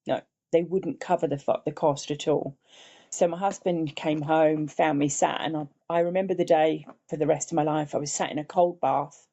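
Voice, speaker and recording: A woman's voice: low-pitched, fairly even intonation, moderate pace, dark tone. An older woman from England, a podcast guest, telling her personal story earnestly. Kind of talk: interview conversation. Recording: dull lo-fi remote audio.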